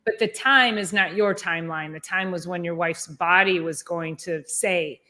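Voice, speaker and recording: A woman with a lowish voice hosts a podcast interview. She reflects on what her guest has said and affirms it warmly, in a casual, conversational way. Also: normal speed. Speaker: podcast host, chiropractor.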